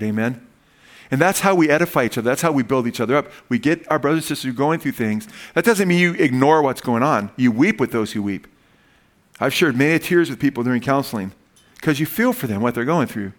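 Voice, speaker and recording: Casual, folksy male preacher. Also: medium pitch. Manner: casual and folksy, says "man" often, tells jokes. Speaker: pastor. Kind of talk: sermon.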